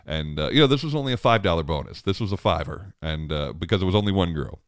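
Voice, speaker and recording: A man's voice: low voice, expressive, fast, no echo, clean studio sound. A man in his thirties, a father, telling a family story in a casual, rambling way, chuckling often and restarting his sentences.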